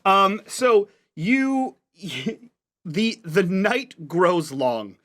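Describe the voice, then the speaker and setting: Game master guy, kinda high voice, rambly with lots of ums, laughs a lot. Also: sing-song, extremely slow, fairly bright tone. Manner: rambling, many fillers and restarts, laughs often. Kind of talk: narrating a tabletop game.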